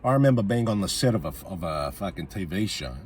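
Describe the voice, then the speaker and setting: Deep-voiced sweary comedian. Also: male voice, expressive, fast, a little mellow, a little hiss or hum. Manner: blunt and sweary, repeats himself for emphasis. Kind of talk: profane comic rant.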